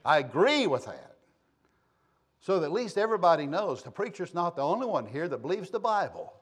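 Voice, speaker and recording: A man preaching a sermon, impassioned, swinging between soft asides and loud calls to the congregation. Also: high voice, very animated, a little fast, breathy edge. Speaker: pastor.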